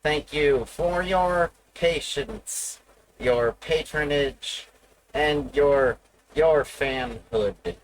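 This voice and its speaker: A man's voice: fairly high pitch, slight background noise, poor audio. A man voicing a male robot announcer, drawing out formal, stand-by style announcements. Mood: droning. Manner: drawn-out, formal announcement delivery. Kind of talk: live stream.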